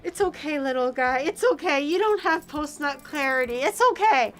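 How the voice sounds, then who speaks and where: A playful woman streamer chats with her viewers in a high, bright voice. She is excitable and quick to squeal or laugh, and faint music plays behind her. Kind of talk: casual live-stream chat.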